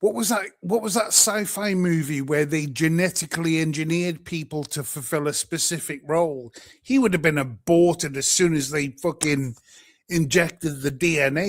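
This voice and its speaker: A man's voice: fairly high pitch, normal speed. A British man hosting a livestream, ranting in an angry, profane, exasperated way. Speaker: livestream host. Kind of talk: profane live-stream rant.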